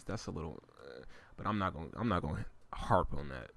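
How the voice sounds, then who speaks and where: A man casually ranting on his own channel, swearing freely and using slang, his voice climbing higher and louder as he gets worked up. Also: big pitch swings, fast talker, no room sound. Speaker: host reviewing rap lyrics. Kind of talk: casual rant.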